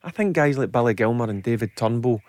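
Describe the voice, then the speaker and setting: A Scottish man, a former footballer, talking casually as a radio pundit, animated and often repeating his first words. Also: mid-range voice, fast talker, dry recording.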